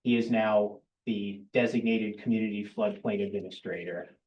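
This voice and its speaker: A man's voice: fairly low pitch, fairly even intonation, normal speed, lo-fi sound. A man presenting regulation changes at a town board meeting, speaking plainly and matter-of-factly with the odd dry aside. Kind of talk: explaining regulations at a public meeting. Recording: roomy, distant public-meeting recording.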